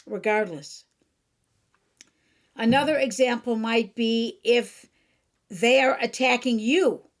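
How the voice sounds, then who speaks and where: A woman with a slightly high voice, talking through a solo podcast episode as a life coach. She speaks earnestly and plainly, explaining ideas step by step. She slips into acted examples as she teaches. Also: steady tone, measured pace. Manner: earnest and instructive, acts out examples.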